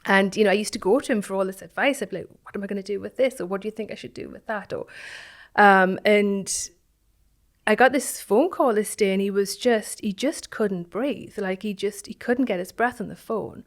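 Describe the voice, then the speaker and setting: A woman speaks as an interview guest, her voice sitting at an ordinary middle pitch. She tells her story in a reflective, halting way, restarting phrases and letting them fade softly. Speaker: guest, founder of an online business community.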